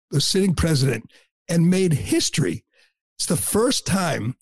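A man's voice: on the high side, a little mellow, husky, dry recording, clean studio sound. A middle-aged man hosting a talk show, delivering a blunt, combative and scornful opinion monologue.

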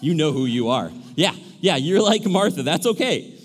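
A male pastor preaching a sermon in a lively, animated way, acting out characters with shifting voices. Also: a little high, moderate pace, husky. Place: large church hall. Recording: echoey church hall.

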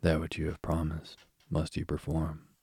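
A man's voice: a bass voice, completely flat delivery, normal speed, darkish tone, husky, no echo, exaggerated voice. A man voicing a stern, commanding older king and father in a storybook reading.

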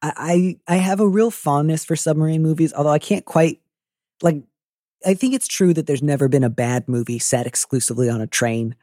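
Man hosting an advice podcast, warm mellow tone, dry close sound, wry and playful. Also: on the high side, fairly quick, no echo. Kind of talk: casual chat.

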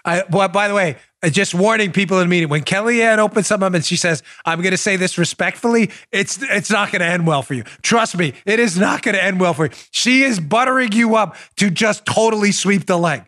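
A man's voice: high-pitched, fairly quick, few pauses, no echo, clean studio sound. Wisecracking male talk-show host. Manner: animated, sarcastic, wisecracking. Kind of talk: political commentary podcast.

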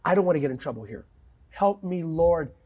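A man's voice: animated, a little fast, a little mellow. A man preaching with passion in a talk-show conversation, emphatic and quoting scripture. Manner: emphatic, quotes scripture, swings pitch widely. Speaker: pastor guest.

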